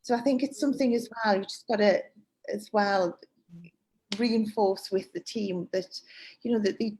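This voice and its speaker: A woman's voice: mid-range voice, moderate pace, a little mellow, a little hiss or hum. A woman hosting an interview, telling a work story in a hesitant, chatty way with many restarts. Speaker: salon owner and host. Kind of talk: casual interview chat.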